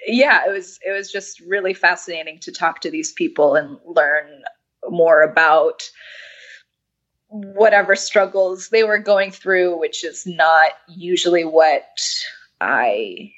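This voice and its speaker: Brief: young adult woman, slightly hoarse, rambling guest, low and unhurried, muffled lo-fi recording. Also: a bit bright. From New York City. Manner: rambling, frequent restarts and laughs. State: losing her voice. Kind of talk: casual interview conversation. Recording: dull lo-fi audio.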